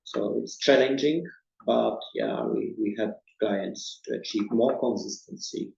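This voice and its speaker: A presentation designer answers audience questions in a webinar, speaking thoughtfully and often repeating words as he starts his sentences. His medium-pitched voice is unhurried, creaky, and darkish with a steady tone, and the recording sounds roomy and dull.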